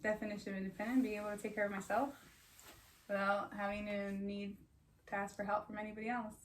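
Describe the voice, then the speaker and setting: A woman's voice: medium pitch, flat delivery, fast. A woman guest in a casual chat, defensive but laughing easily. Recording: echoey room, mic at a distance.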